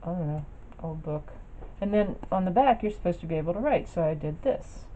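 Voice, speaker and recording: Warm in tone and on the low side, her voice moves fairly quickly with lively intonation. She's a craft vlogger chatting in a rambling show-and-tell, using many fillers and restarts while holding up her projects. The audio is dull and lo-fi with faint noise.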